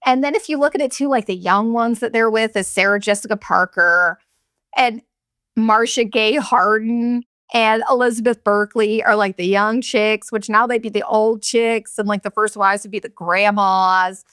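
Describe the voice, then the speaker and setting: A woman's voice: medium pitch, fairly even intonation, moderate pace, a bit bright, smooth, no echo, clean studio sound. A woman in her forties, from Arizona, hosting a casual solo podcast, telling rambling, profane, jokey stories. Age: 40s. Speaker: podcast host.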